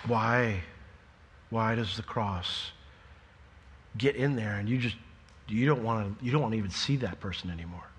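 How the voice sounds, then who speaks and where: A middle-aged man preaching a sermon, lively and joking, acting out imagined conversations before dropping to a quieter, earnest tone. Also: on the low side, normal speed, pauses often, big-room sound, slight background noise. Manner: animated, jokey, acts out imagined dialogue.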